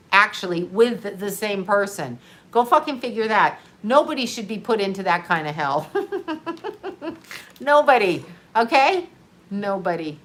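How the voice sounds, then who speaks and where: A woman's voice: medium pitch, fairly bright tone. A middle-aged woman in a candid livestream monologue, blunt and profane, laughing often while grieving. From United States. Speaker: livestream host.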